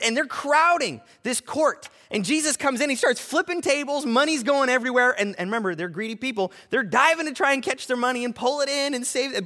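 A male pastor preaching a sermon, animated and full of rhetorical questions. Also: very high-pitched, big-room sound.

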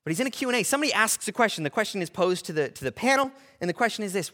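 A male pastor preaching a sermon, animated and full of rhetorical questions. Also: sits high, racing, hardly any pauses, long reverb tail.

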